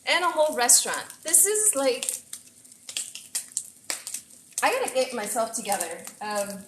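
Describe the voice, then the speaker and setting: A woman chef hosting a casual live cooking stream, chatty and excitable as she greets viewers from her kitchen. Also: fairly high pitch, a little slow, noisy background. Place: home kitchen. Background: faint frying and sizzling.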